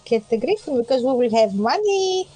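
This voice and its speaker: A woman's voice: high-pitched, big pitch swings, moderate pace, mellow, slightly rough. A woman playing a tabletop game, speaking politely and eagerly. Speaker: player. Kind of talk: casual role-play chat.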